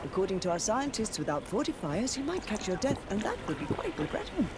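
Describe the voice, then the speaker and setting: A woman's voice: mid-range voice, sing-song, quick pace, loud music behind the voice, lightly acted. An actress playing a polite, formal noblewoman who is the outgoing governor. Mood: courteous. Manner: courteous, formal. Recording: game audio with loud ambient noise.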